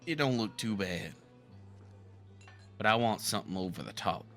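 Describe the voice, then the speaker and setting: A man playing a talkative southern gentleman from the bayou, with a Southern twang, rambling earnestly through a live game roleplay. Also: fairly low pitch, expressive, moderate pace, soft background music. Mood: friendly.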